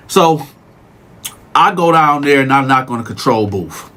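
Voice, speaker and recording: A man hosting a show, telling a story in a casual, animated way and repeating words as he goes. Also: on the high side, a little slow. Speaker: storyteller host.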